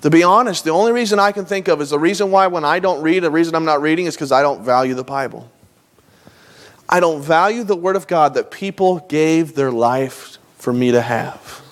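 A pastor preaching a sermon in a church sanctuary, talking conversationally and pausing for emphasis. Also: male voice, on the high side.

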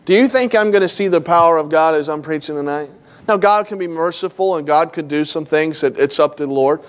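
A middle-aged man preaching a sermon, telling a story about himself and acting out both sides of the dialogue in an animated way. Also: a little high, a little fast, clear, resonant tone. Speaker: pastor. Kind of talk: sermon with acted illustrations.

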